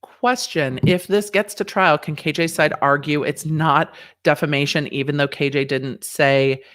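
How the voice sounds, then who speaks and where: A woman lawyer giving casual, candid livestream commentary on a court hearing, reading viewer questions aloud and swearing freely. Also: low voice. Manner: candid, profane, reads chat questions aloud.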